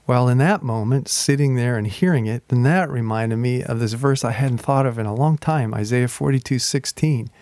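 A man preaching as a pastor, telling a personal story in a slow, reflective way and reading scripture aloud slowly. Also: mid-range voice, a little mellow, dry recording. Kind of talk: sermon.

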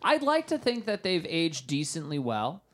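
A man's voice: a little high, wildly swooping pitch, moderate pace. A man co-hosting a podcast in casual chat, talking in long rambling runs with lots of fillers. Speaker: podcast co-host.

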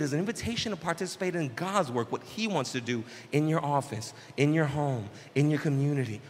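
Slangy preacher man in a reverberant hall. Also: a little high. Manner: conversational, slangy, animated asides. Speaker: pastor. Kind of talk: casual sermon. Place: church sanctuary.

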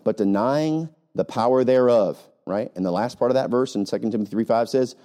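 A man's voice: medium pitch, fairly quick, dark tone. A male pastor preaching a sermon with emphatic rhetorical questions and frequent "right?" asides, sometimes mocking other preachers.

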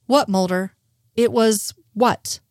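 A woman's voice: a little high, fairly even intonation, slow, a little mellow, dry recording, studio quality. A woman reading the lines of a flustered female agent in a storybook reading, insistent and pressing. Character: sharp, flustered adult female FBI agent.

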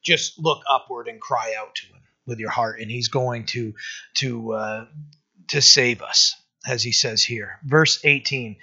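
Gravelly, bright-voiced male pastor. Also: mid-range voice, fairly even intonation. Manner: conversational, many fillers, reads verses slowly. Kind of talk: casual verse-by-verse sermon. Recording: dull lo-fi sound.

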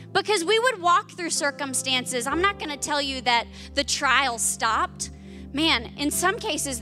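A woman in her thirties preaching a sermon, telling a personal story that builds to impassioned emphasis. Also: very high-pitched. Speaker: pastor.

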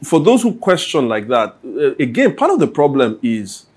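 A man's voice: medium pitch, huge pitch swings, moderate pace, slightly rough. A man answering questions at a church Q&A, talking conversationally and acting out everyday scenes. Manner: conversational, acts out everyday scenes with little quoted voices. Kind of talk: Q&A talk.

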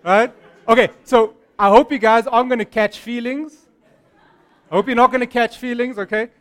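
A man's voice: very high voice, steady tone, normal speed, fairly bright tone, clear, resonant tone. A man preaching a sermon to a congregation, speaking playfully and often checking in with "right?". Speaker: pastor. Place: church service with a live congregation.

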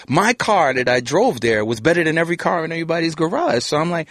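A middle-aged man from Brooklyn, an animated storyteller who swears freely while chatting as a podcast guest. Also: fairly high pitch, fast talker, few pauses, dry recording, clean studio sound. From Brooklyn, New York. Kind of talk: casual podcast chat.

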